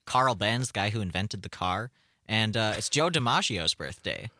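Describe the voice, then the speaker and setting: Young male radio voice, bright, low-ish, dry studio mic, curious. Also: animated, normal speed, slight background noise. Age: young adult. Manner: curious, asks questions, laughs easily. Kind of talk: casual morning radio chat. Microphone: studio microphone.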